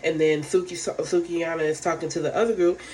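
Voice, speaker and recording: A woman's voice: low voice, steady tone, fairly quick, a little mellow. A woman giving a casual, rambling recap of a reality show, frank and profane, full of fillers.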